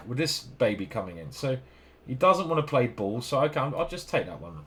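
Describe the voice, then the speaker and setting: A man's voice: medium pitch, big pitch swings, brisk, a bit bright, breathy edge. A man with an English accent commenting casually over his own chess games, rambling, self-deprecating and swearing now and then.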